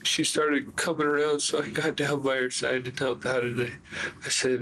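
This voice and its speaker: A man confessing in a police interview, talking in a halting, rambling way full of fillers. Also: mid-range voice, monotone, pushed and bright, a little hiss or hum, low-quality recording. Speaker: suspect confessing.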